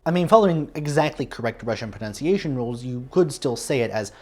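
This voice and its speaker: A man's voice: mid-range voice, lively intonation, fast talker. A man hosting a music history lesson, reading a scripted narration with dry, wry asides. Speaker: music history video host.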